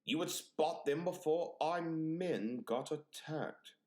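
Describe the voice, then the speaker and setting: A man's voice: a little high, slow pace, darkish tone, reverberant, voice pushed up. A man putting on the voice of a stern military officer recruiting someone. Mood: earnest.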